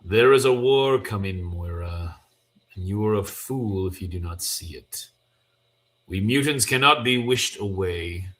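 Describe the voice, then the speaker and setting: A man's voice: lowish voice, expressive, a little slow, fairly bright tone. A man reading aloud as a solemn, commanding mutant leader, declaiming his lines. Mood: grave. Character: grave commanding male mutant leader, older.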